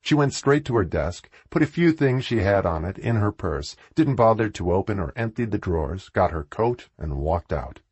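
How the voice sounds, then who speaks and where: A man reading an audiobook in a measured, expressive way. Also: on the low side, breathy edge, dry recording, lo-fi sound. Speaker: audiobook narrator. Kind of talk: audiobook narration.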